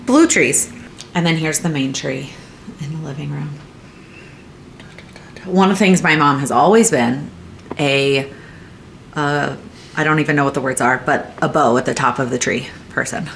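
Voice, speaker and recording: A woman's voice: low voice, normal speed, creaky, pauses often, fairly bright tone, slight background noise. A young woman vlogging from home in a casual chatty way, with lots of likes and ums. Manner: chatty, filler-heavy, with frequent likes and ums. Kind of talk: casual chat to camera. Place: at home, indoors.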